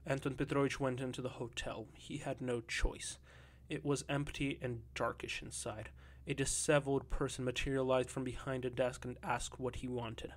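Male audiobook narrator, measured and even, scripted literary reading. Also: mid-range voice.

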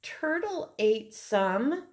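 A woman's voice: a little high, very animated, drawn-out words, voice pushed up, exaggerated voice. A woman voicing a sick, whiny little boy in a read-aloud storybook, in a small plaintive voice.

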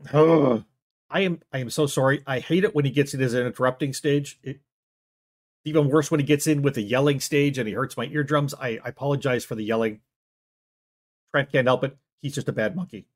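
A man hosting a comedy show, stammering and exasperated as he argues with a silent sidekick, now and then bursting into yelling. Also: a little high, lively intonation, moderate pace, pauses often. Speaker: show host. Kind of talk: comic monologue arguing with a silent sidekick.

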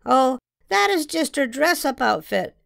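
Woman doing a dramatic little girl, high and dry. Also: sing-song, unhurried, creaky, fairly bright tone, no room sound, heavily acted. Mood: playful. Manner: theatrical, sing-song and dramatic. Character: excitable little girl with a big imagination.

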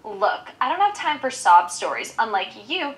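An actress playing a rude, dismissive young cashier who talks in a mocking, sarcastic way. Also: female voice, fairly high pitch, very animated, normal speed. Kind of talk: scripted drama acting.

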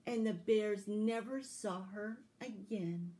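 A woman who tells stories to children at a library, reading a fairy tale aloud and giving tips in slow, expressive, sing-song storytelling. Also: medium pitch, rough recording.

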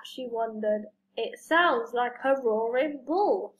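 A woman reading a children's storybook aloud, slow and expressive, lifting her voice for each character's lines. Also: on the high side, rough recording. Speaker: reader.

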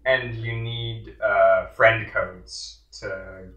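A man hosts a laid-back chat while they play a video game, joking and trailing off with fillers. His voice sits low but sounds bright. It is recorded from some distance, with room echo around it. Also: steady tone, extremely slow. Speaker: host. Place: indoors at home in an apartment.

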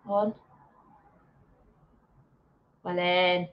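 A woman hosting a live watch-along of a match, excitable and swearing as she heckles the players and the referee. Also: medium pitch, unhurried, pauses often. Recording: dull lo-fi sound.

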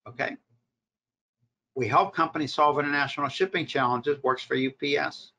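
A man's voice: medium pitch, moderate pace, bright, forceful tone. A man, a marketing professor, leading a recorded workshop lecture, speaking in short punchy directives and rhetorical questions.

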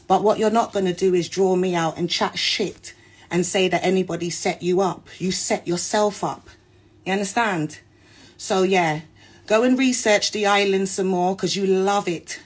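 A woman's voice: mid-range voice, fairly even intonation, moderate pace, husky. A woman with a London accent mixed with Jamaican patois, ranting to her phone in a heated, confrontational way and swearing often. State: pregnant. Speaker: social media personality. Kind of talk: heated rant to camera.

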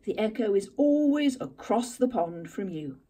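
A woman voicing a wise old beaver, husky and slow. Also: medium pitch, expressive, dark tone, far from the mic. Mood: calm, wise. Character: wise old male beaver, calm and kindly.

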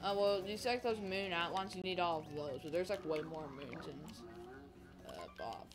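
A woman hosting a gaming channel, chatting casually through a speedrun race with lots of "like" and sudden excited outbursts. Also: on the low side, moderate pace. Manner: rambling, filler-heavy, excitable outbursts. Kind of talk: casual gameplay commentary. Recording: game music playing loudly behind. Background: game music.

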